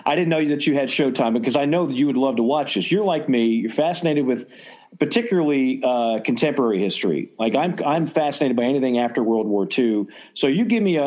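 A man hosting a casual sports podcast in an enthusiastic, rambling way. He often restarts his sentences and speaks at an ordinary mid pitch. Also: animated, brisk, mellow. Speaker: podcast host.

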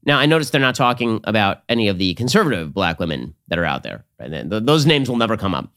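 A man's voice: fairly low pitch, very animated, fairly bright tone. A man hosting a political commentary show, talking in a sarcastic, combative monologue. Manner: sarcastic, rapid-fire, combative.

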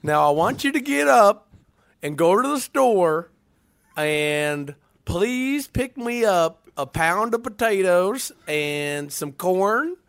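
A doting, bossy older Southern grandparent, as a man puts on the voice, speaking in a high, twangy drawl with a strong Southern accent. The voice sits far above the speaker's own and comes out slow and drawn-out. The sound is dry and close, with no room echo. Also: expressive, creaky, fairly bright tone, full character voice.

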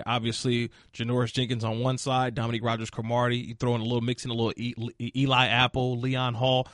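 A man hosting a sports radio show, upbeat and quick to laugh along with his co-host. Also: mid-range voice, no room sound, studio quality.

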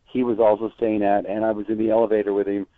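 Chatty male reporter guest on a phone line, lowish voice, dry and tinny. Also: level tone, fast talker, no echo. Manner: chatty storyteller with frequent restarts. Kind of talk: casual phone interview.

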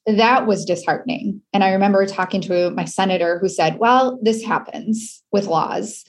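Earnest low-voiced woman telling her story. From Wisconsin. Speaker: guest. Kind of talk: personal interview.

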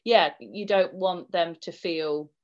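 A woman's voice: lowish voice, takes it slowly, a little mellow. Curious woman co-host, slightly dull sound. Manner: curious, questioning, laughs easily. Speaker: podcast co-host. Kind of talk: casual podcast chat.

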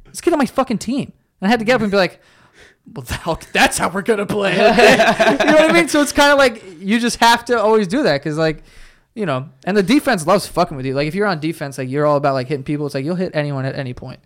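A young man telling animated, profane stories in a casual chat, full of "yo" and "like.". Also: on the high side, fast talker.

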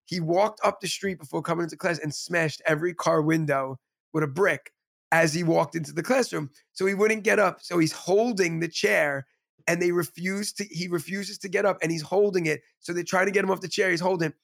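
A man with a high voice and a gravelly edge tells a story in casual podcast chat. He rambles excitedly and keeps restarting his sentences, with plenty of fry on his words. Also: a little fast. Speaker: podcast co-host, teacher.

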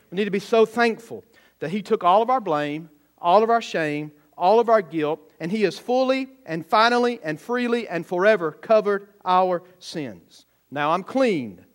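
A man preaching a sermon to a congregation, telling a story and building to emphatic exclamations. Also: high-pitched.

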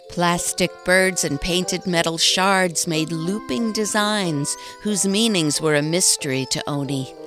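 A woman narrating a storybook in a calm, even storytelling manner. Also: lowish voice.

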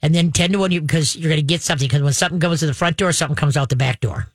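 A woman's voice: deep voice, very fast, no room sound. Woman, puppy trainer on a radio advice show, folksy, talky, chants commands, dry close mic. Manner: folksy, checks in with frequent "okay?", chants the commands.

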